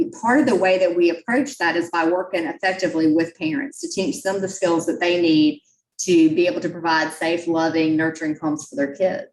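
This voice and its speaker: A woman's voice: lowish voice, distant mic. A woman, a guest speaker telling stories at a club meeting in a folksy, chatty, self-deprecating way. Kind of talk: storytelling talk. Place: meeting room. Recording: echoey room, voice from off-mic.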